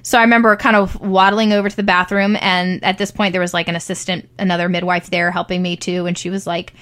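A woman's voice: on the low side, level tone, quick pace, fairly bright tone. Chatty young woman recounting a birth. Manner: chatty, frequent ums and likes, acts out quoted voices. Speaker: new mother telling her birth story. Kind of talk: casual personal storytelling.

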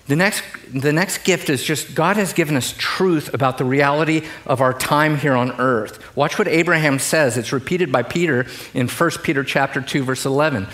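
A man's voice: fairly high pitch, moderate pace, fairly bright tone. Man preaching, conversational and joking. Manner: conversational preaching with jokes to the congregation. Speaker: pastor. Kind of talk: sermon. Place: church in front of a congregation.

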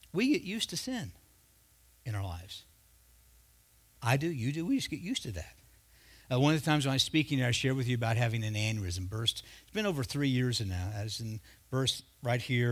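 A man's voice: medium pitch, fairly bright tone. A man in his fifties preaching a sermon, telling a personal story in a conversational way and acting out the dialogue. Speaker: pastor.

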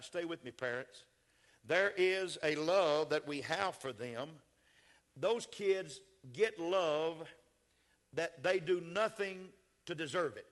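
An older man, a pastor preaching a sermon, swinging from shouted, rising builds to soft, folksy storytelling. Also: on the high side.

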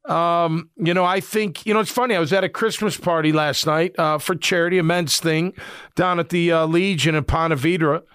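Blunt, rambling high-voiced man. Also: steady tone, moderate pace, a bit bright, clear, resonant tone, dry recording, studio quality. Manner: blunt, rambling, lots of fillers. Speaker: former football player turned commentator. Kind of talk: casual sports commentary.

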